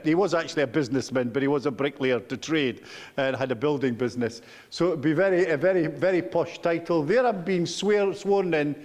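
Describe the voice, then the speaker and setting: A man's voice: fairly high pitch, long reverb tail. An older Scottish man giving a public talk, telling anecdotes with self-deprecating humour. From Scotland. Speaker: guest speaker. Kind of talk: public lecture with slides.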